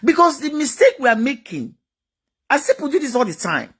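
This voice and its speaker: A woman's voice: sits high, very animated, a little fast. Emphatic woman motivational speaker. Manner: emphatic and repetitive, rhetorical questions. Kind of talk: motivational talk.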